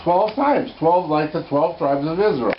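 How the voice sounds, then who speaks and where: A man's voice: on the high side, unhurried, noisy background. A man teaching an informal lesson on Torah codes at home. He is enthusiastic, thinks aloud and corrects himself as he goes. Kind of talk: informal Bible code lesson. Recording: slightly muffled home recording.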